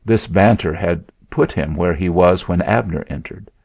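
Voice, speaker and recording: A man narrating a first-person story in a slow, deliberate way. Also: low voice, creaky, a little mellow, dry recording. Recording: dull lo-fi recording.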